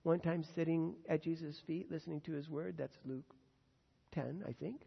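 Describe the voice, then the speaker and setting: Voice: mid-range voice, fairly even intonation, moderate pace, creaky, husky, in a large hall, dull audio. A pastor teaching verse by verse through a Bible passage in a conversational, earnest way, with frequent fillers.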